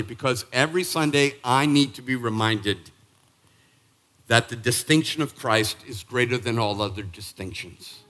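A man's voice: normal speed, bright, forceful tone. Emphatic sixty-something preacher man. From Boston, Massachusetts. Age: 60s. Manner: emphatic, punchy preaching with sudden rises in pitch and volume. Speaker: pastor. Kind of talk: sermon. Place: church sanctuary.

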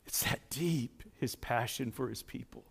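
A man preaching a sermon as pastor, dramatic, swinging from near-shouts to hushed asides. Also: mid-range voice, unhurried, vocal fry, breathy edge.

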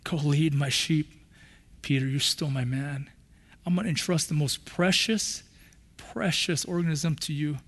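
A tender, hushed Jesus gently reassures a friend, as a preacher voices him. The voice is soft and warm in intent. A long hall reverb trails behind each word. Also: male voice, on the high side, steady tone, unhurried, voice pushed down. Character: Jesus, tender grown man restoring a friend.

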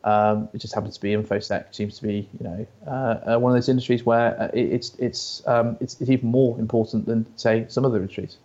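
A man's voice: mid-range voice, steady tone, a little fast, few pauses, a little mellow, muffled recording. A British man chatting as an interview guest, often stammering and restarting, telling stories. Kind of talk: casual interview chat.

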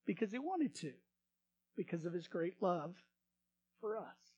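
A male pastor delivering a sermon in a high voice. He swings from loud, emphatic passages to quiet, hushed asides and has the congregation repeat lines after him. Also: sing-song, unhurried, long pauses, no echo. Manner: repeats words when starting phrases.

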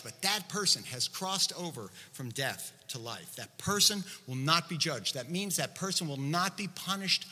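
Man, preacher, sermon, lively pitch, very bright voice, long hall reverb. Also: measured pace, hardly any pauses, husky. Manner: conversational, explaining with asides.

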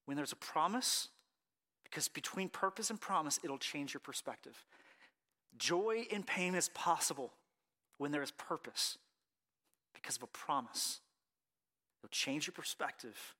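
Thirties male preacher, lively storyteller, bright and slightly high voice, drops to a hush, then surges. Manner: animated storytelling, acts out quotes, swings from hushed to loud. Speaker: pastor. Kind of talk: sermon with personal story.

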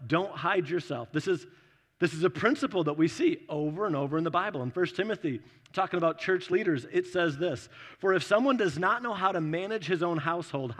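Male pastor, sermon, conversational delivery, fairly high voice, long hall reverb. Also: a bit bright. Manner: conversational, acts out quick voices in his stories.

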